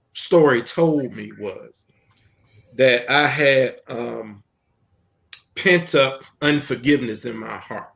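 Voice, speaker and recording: Guy telling his faith story in an interview, earnest, lots of ums, pitch in the middle. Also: fairly bright tone. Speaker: minister and interview guest. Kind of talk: personal testimony in an interview.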